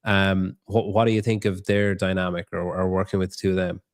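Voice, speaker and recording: A man's voice: deep voice, level tone, a little fast, no echo, clean studio sound. A man hosting a podcast, chatting loosely and swearing freely as he asks questions. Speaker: podcast host. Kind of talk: casual interview chat.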